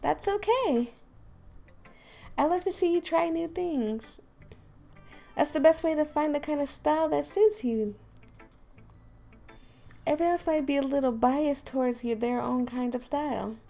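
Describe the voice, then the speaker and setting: A cheerful, confident teenage girl who runs a literature club, voiced by a woman. She sounds sweet and encouraging, pitched up high with a gravelly edge. Faint game music hums behind her. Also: unhurried, pauses often, warm tone.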